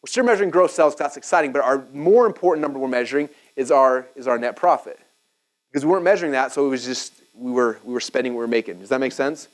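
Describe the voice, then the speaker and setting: A man in his thirties teaching a business seminar at a whiteboard, energetic and chatty, checking in with "okay?" and "right?". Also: mid-range voice, fast talker, poor audio. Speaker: speaker teaching business marketing.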